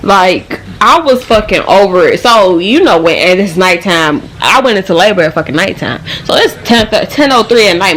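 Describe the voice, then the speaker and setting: A young woman telling her story straight to camera in loose, slangy talk full of swearing. She's animated and keeps the tale rolling, with a faint hiss behind her. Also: mid-range voice. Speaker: vlogger. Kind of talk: casual storytime.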